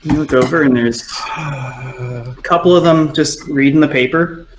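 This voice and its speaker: A man's voice: medium pitch, steady tone, a little slow, slight background noise. Laid-back male game master, echoey room. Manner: loose, filler-heavy narration. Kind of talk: narrating a tabletop game.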